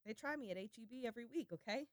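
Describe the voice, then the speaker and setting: A woman co-hosting a podcast, trading quick jokes in casual chat and wrapping up the episode. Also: a little high, animated, no room sound, clean studio sound. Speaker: podcast co-host.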